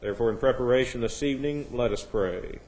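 A man teaching an evening Bible class, leading prayer in a formal, measured way. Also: medium pitch, a little mellow, poor audio. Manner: formal, measured, slips into mild joke voices.

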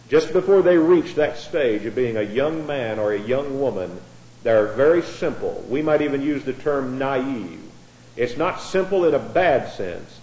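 A man delivers a Bible-teaching sermon conversationally, often repeating words as he begins a phrase. His voice is medium-pitched and a little mellow, and the room sounds echoey.

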